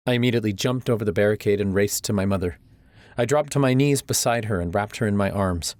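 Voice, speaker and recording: A man's voice: fairly low pitch, brisk, no room sound. Man narrating an audiobook in a dry booth. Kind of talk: scripted first-person narration.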